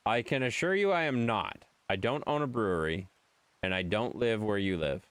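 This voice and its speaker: A game streamer with a Wisconsin accent, a man who teases back at his chat and keeps telling them to stop it. His mid-pitched voice swings up and down a lot. The sound is dry and close, with little room. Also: lively intonation, moderate pace, a bit bright, clear, resonant tone, dry recording. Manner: playful, mock-exasperated, reads and answers chat. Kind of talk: live-stream chat banter.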